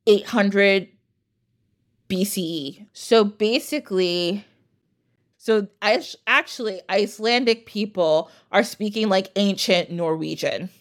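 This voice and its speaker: A woman's voice: medium pitch, slow. A woman hosting a podcast, chatting casually and enthusiastically with many tangents. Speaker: podcast host.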